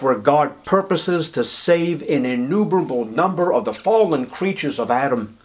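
A man preaching a sermon, swinging between low murmurs and high, emphatic declarations and stretching out words for emphasis. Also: lively intonation, normal speed, few pauses, slightly rough. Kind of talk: evangelical sermon.

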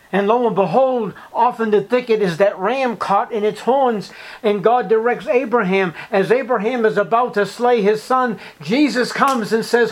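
A man preaching a sermon, telling a story dramatically, asking the listeners questions and dropping to hushed near-whispers for emphasis. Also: high voice, animated, moderate pace. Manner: asks the listeners rhetorical questions.

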